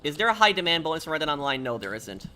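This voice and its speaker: A man's voice: fairly high pitch, sing-song, very fast, pushed and bright. A man streaming a video game, chatting casually and rambling through answers to viewers' questions. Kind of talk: casual live-stream chat while gaming.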